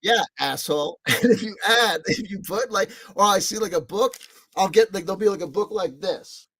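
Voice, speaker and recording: Male vlogger, somewhat high voice, talks in excitable self-mocking loops, dead-dry room sound. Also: normal speed, husky, no echo. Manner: excitable, repeats himself, swears; self-mocking, laughing asides. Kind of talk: rambling casual monologue.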